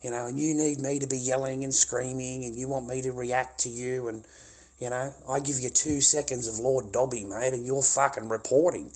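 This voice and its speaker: A man's voice: mid-range voice, fairly even intonation, normal speed, a little mellow. An Australian man livestreaming a confrontational rant, swearing often and repeating himself as he talks to the camera. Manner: confrontational, profane, repetitive.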